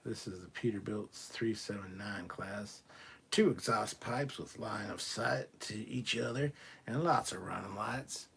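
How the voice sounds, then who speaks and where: A man's voice: on the low side, measured pace, vocal fry, a bit bright, slight background noise. A man hosting a live stream, reading viewer comments aloud in a chatty, joking way. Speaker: livestream host reading chat. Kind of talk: casual live chat.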